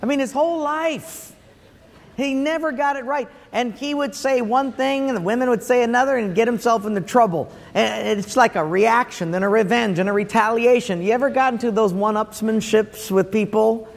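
A high-voiced male pastor, preaching a humorous sermon full of jokes. His voice carries a long hall reverb, as in a church sanctuary. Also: normal speed, creaky. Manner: joke-telling, chuckling, animated.

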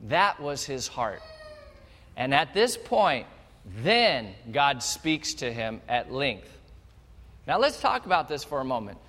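A male pastor preaching a sermon, telling the story with animated energy and speaking straight to the congregation. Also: mid-range voice, slow. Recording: long hall reverb.

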